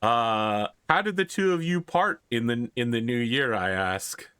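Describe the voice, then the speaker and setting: Guy game master narrating, playful, bright dry voice. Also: medium pitch, measured pace, clear, resonant tone, dry recording.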